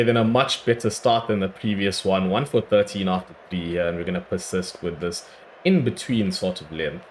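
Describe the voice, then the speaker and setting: A man with a hoarse, worn-out voice giving chatty play-by-play commentary on his own cricket video game, breaking into excited cries at big moments. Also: deep voice, noisy background. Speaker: gaming YouTuber. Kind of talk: casual play-by-play gameplay commentary.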